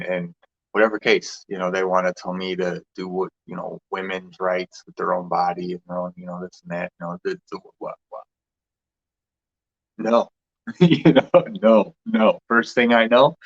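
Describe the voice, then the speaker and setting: A young man chats loosely on a livestream, circling back on his words with plenty of fillers and restarts. His voice sits on the low side. The stream audio sounds dull and muffled. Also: vocal fry. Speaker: livestream host. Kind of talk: rambling casual livestream chat.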